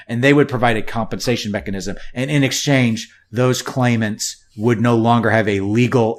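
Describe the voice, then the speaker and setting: A man co-hosting a casual podcast, talking in a rambling way with wry asides and frequent restarts. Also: mid-range voice. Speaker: podcast co-host.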